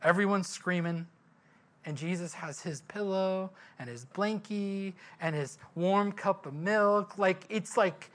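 A man's voice: high voice, slow, a bit bright. A male pastor giving a sermon in a conversational, storytelling way, asking the listeners questions.

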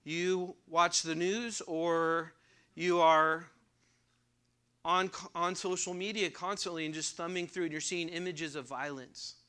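A man with a fairly high, bright voice leads a Bible study at an unhurried pace. He explains each verse in plain, conversational words and poses rhetorical questions to his listeners. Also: steady tone, clear, resonant tone. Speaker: pastor teaching a Bible study.

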